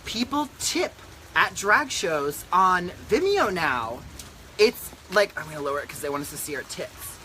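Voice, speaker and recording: A man's voice: fairly high pitch, sing-song, normal speed, pushed and bright, a little hiss or hum. A man, a drag queen hosting a casual chat on a back deck, talking in a sassy, campy and profane way into a handheld camera. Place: outdoor back deck in humid rainy weather.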